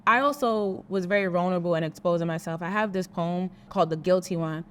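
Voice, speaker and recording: A woman's voice: on the low side, quick pace, slight background noise. A woman with a Brooklyn accent in casual conversation, telling stories animatedly and acting out quotes. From Brooklyn, New York. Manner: animated storyteller, voices quotes. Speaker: actress and guest. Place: outdoors on a city street.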